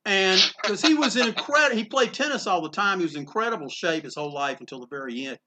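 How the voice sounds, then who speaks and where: Bright-voiced man telling rambling stories. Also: high voice, animated, fast talker. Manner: rambling, with frequent restarts and casual swearing. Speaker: comic book store owner. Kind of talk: anecdotal storytelling in a conversation.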